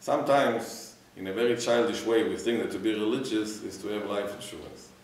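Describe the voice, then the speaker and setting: A man's voice: on the low side, steady tone, a little fast. A man, a rabbi, giving a Torah class and quizzing his students, mixing in Hebrew phrases. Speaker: rabbi teaching a weekly class. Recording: echoey room, mic far off.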